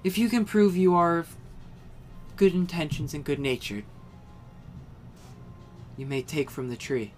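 A game master voicing a curious, kindly ancient female tree dryad, speaking softly and slowly with a sense of wonder. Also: on the high side, animated, soft background music, voice pushed up. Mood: gentle, judging. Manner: soft, slow and wondering.

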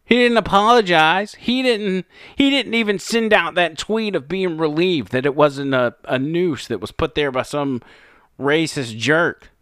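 Commentator, male, sarcastic and mocking, smooth dry mic sound. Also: a little high, a little slow, a bit bright, dry recording. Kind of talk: opinion commentary over clips.

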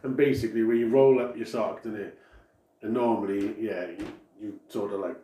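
Laughing ex-soldier with a lowish voice. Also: male voice, moderate pace. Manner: laughs often, relaxed storyteller. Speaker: podcast co-host. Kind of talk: casual chat. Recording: roomy echo.

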